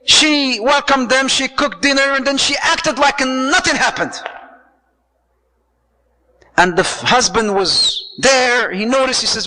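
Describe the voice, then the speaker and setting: Lively high-voiced man preaching in a hall. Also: normal speed. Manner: lively storytelling, acts out quoted voices, mixes in Arabic phrases. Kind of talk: sermon on marriage.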